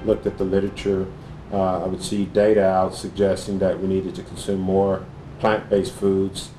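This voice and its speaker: A man, a cardiologist, answering interview questions in a measured, thoughtful way with frequent pauses and fillers. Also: low-pitched, completely flat delivery, dark tone, roomy sound, soft background music.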